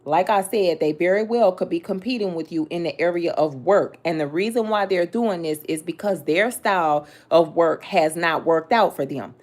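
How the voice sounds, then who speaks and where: A woman's voice: on the low side, normal speed, few pauses, a little mellow. Blunt, sassy woman reading tarot. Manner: blunt, sassy, talks straight to the listener with slang and cursing. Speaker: tarot reader.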